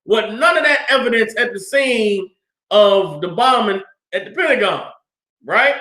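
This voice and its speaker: A man's voice: very high voice, a little slow. A man in his thirties from the Washington, D.C. area, telling stories casually and animatedly as a class speaker. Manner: animated, colloquial, acts out quoted dialogue. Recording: roomy echo.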